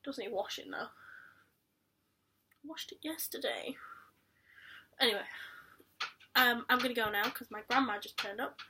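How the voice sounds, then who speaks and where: Young Yorkshire woman vlogging, bright voice. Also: on the high side, fairly even intonation, a little fast, breathy edge, recorded from a distance. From Yorkshire, England. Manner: candid, rambling, with frequent ums. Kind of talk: casual talk to camera.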